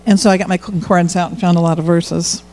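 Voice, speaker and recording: A middle-aged man speaks to a congregation in a loose, confiding way, stepping into his own remembered prayers as he goes. His voice sits high for a man and catches often into a gravelly creak. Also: level tone, quick pace, darkish tone, poor audio. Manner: conversational, candid, quotes own prayers aloud. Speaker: church speaker sharing testimony. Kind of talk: informal sermon testimony.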